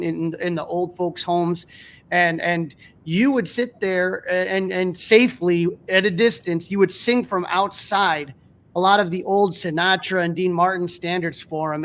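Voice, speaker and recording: High-pitched halting male podcast host. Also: fairly bright tone. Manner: admiring, halting, with repeated fillers. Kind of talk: interview.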